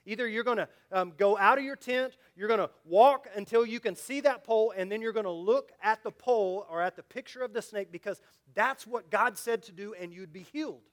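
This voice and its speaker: High-voiced preacher, loud then hushed. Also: male voice, a little fast. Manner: swings from loud urgent emphasis to quiet low asides; earnest, direct appeals to listeners. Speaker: pastor. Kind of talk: sermon.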